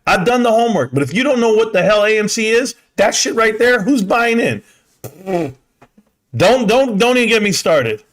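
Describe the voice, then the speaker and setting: A man's voice: high-pitched, very animated, normal speed, a bit bright. Brash, profane man on a livestream. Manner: brash, profane, laughing often. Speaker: livestream host. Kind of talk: casual livestream chat reading comments.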